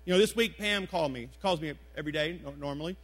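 A pastor in his forties preaches in a church, his high voice loose and conversational. He repeats key phrases for emphasis and keeps asking the congregation questions. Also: quick pace, a bit bright. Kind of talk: sermon. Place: church sanctuary before a congregation.

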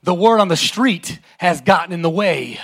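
Brief: man preaching a passionate sermon, high voice, talks straight to the congregation. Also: animated, moderate pace, creaky, a bit bright. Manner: impassioned, dramatic, calls to the congregation.

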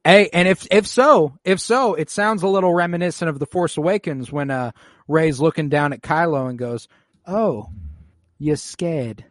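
A man co-hosting a casual talk show, retelling scenes with lots of swearing and quick voices for the characters. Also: on the high side, dry recording, clean studio sound. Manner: animated retelling with quick put-on character quotes. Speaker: podcast co-host. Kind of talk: casual profane fan chat.

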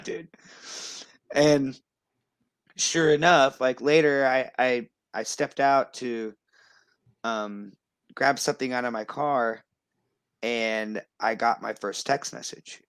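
A man in his thirties, a show guest, telling a personal story with lots of fillers and excited restarts. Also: medium pitch, slow, pauses often, clear, resonant tone, dry recording. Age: 30s. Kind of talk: casual storytelling.

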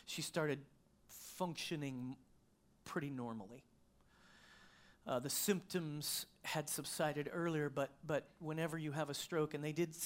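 A middle-aged male pastor preaching a sermon, telling a personal story in a conversational way with frequent restarts. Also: on the high side.

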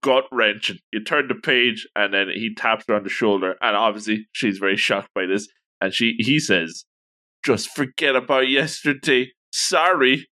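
A man's voice: lowish voice, moderate pace, pushed and bright. A man co-hosting a casual chat, reacting with exclamations and retelling scenes. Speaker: podcast co-host. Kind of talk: casual chat about a manga chapter.

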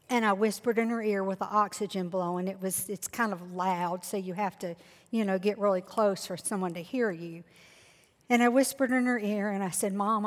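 Earnest woman telling her testimony. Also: medium pitch. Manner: earnest, heartfelt storytelling. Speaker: guest sharing testimony. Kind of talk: emotional faith testimony. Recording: long hall reverb.

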